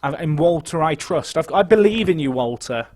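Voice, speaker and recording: Young male game streamer; slightly higher voice, chatty live commentary, jumps from anxious mutters to loud outbursts. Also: normal speed. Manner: chatty, excitable, swings between nervous muttering and shouting.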